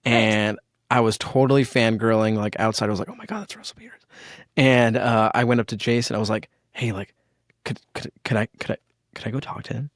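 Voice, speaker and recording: A man's voice: lowish voice, steady tone, brisk, no echo, studio quality. A man hosting a podcast, telling stories in a laid-back, rambling way with many fillers. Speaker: podcast host. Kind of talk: casual interview chat.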